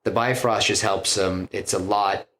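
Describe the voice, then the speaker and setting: A man's voice: on the low side, steady tone, a little slow, fairly bright tone, slight background noise. A man casually retelling a film plot on a podcast, rambling with many fillers and restarts. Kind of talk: casual chat, retelling a story.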